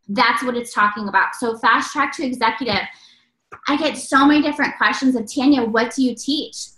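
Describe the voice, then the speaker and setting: Casting note: high, bright, energetic woman delivering a motivational stage talk in an echoey room. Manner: energetic, preachy, exclamatory. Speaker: network marketing speaker.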